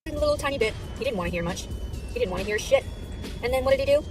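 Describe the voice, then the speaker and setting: In this filmed clip, a woman vlogger rants furiously at the camera, swearing constantly. Her voice is high-pitched and expressive and races along, with music playing in the background.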